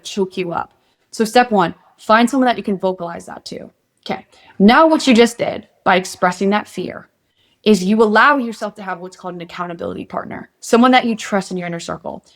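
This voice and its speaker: A young adult woman speaking as an interview guest, earnest and motivational as she lays out steps for facing fear. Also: mid-range voice. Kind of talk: casual interview.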